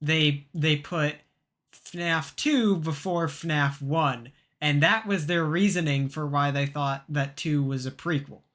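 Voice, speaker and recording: A young man co-hosting a podcast, telling a story in a rambling, halting way with plenty of fillers and restarts. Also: fairly high pitch, a bit bright. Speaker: podcast co-host. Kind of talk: casual chat.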